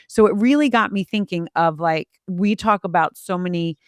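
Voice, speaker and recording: A woman's voice: lowish voice, moderate pace, few pauses, no room sound. Woman in her 40s yapping on a podcast, tells stories, does little voices for quotes, dry sound. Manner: chatty storyteller, acts out quotes with laughter. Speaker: podcast host. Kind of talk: casual conversation.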